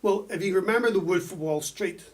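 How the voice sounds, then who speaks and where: An Irish man on a podcast, telling animated work stories in casual chat, swearing freely. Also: high voice, brisk, far from the mic. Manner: animated, swearing, laughing storyteller.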